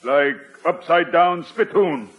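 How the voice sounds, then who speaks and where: A man's voice: a little high, expressive, measured pace, heavy background noise. An older man playing a solemn tribal chief who talks in clipped broken phrases and chants. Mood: theatrical. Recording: dull lo-fi old TV sound.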